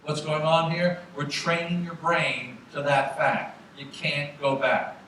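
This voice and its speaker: A man's voice: on the high side, level tone, slow, bright, forceful tone, far from the mic, slight background noise. A man lecturing to a seminar of students in an emphatic, direct way that rallies the room. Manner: emphatic, direct, rallying the audience. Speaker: exam prep lecturer. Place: large lecture hall. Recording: very echoey hall, voice from afar.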